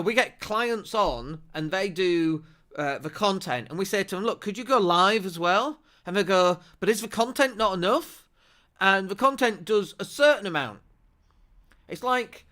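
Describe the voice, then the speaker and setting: An energetic man hosting a marketing show, speaking emphatically to a camera on his desk. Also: high voice. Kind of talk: to-camera business talk.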